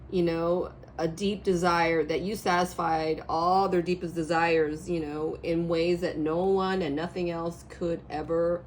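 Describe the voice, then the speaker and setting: A woman reading tarot cards in a rambling, animated way, her voice a little hoarse, often checking in with the listener. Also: on the low side, a little hiss or hum. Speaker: tarot reader. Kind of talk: casual spiritual reading to camera.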